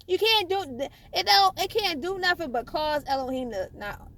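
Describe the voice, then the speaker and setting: A woman preaching informally about her faith in a fervent, halting way, often repeating and restarting phrases and chuckling. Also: very high-pitched, lively intonation, fairly bright tone. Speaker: spiritual vlogger.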